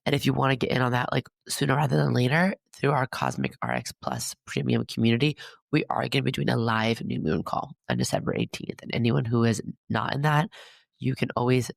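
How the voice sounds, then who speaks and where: A man's voice: mid-range voice, sing-song, brisk, no room sound, clean studio sound. A man hosting an astrology podcast, talking through a weekly forecast in a chatty, upbeat, encouraging way full of fillers. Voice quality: gravelly vocal fry. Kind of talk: casual spoken forecast monologue.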